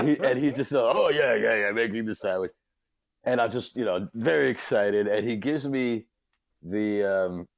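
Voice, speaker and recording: A man's voice: on the low side, no room sound, studio quality. A man, a podcast guest, telling a comic story with big energy, often laughing mid-sentence and acting out the quotes.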